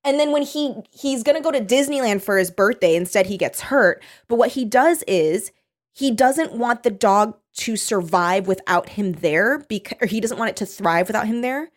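A woman's voice: on the high side, expressive, normal speed. A woman in casual conversation, recapping a book in a loose, rambling way. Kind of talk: casual chat about a book.

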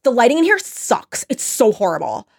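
A woman's voice: a little high, very animated, moderate pace, gravelly, voice pushed up, heavily acted. A woman putting on an affected, trendy young woman who gushes in performative slang. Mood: gushing, whiny.

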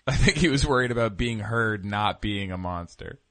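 Low-voiced man trading dry quips. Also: normal speed, fairly bright tone. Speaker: studio guest. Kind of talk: casual comedic banter.

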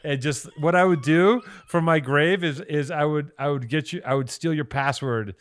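A man's voice: fairly high pitch, moderate pace. A man co-hosting a podcast in casual chat, profane and joking. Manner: profane, joking, puts on silly voices. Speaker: podcast co-host. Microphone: studio microphone.

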